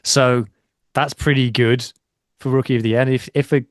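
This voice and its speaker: A man's voice: medium pitch, flat delivery, normal speed, no echo, clean studio sound. A man co-hosting a rugby podcast, chatting casually in a chatty, self-deprecating manner. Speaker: podcast co-host. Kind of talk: casual chat.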